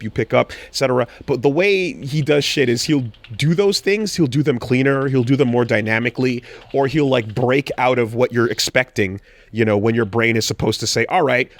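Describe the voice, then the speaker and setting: This podcast co-host has a mid-range voice and is recorded without any room sound. Chatting casually, he tells an excited story full of animated quoted cries and frequent swearing.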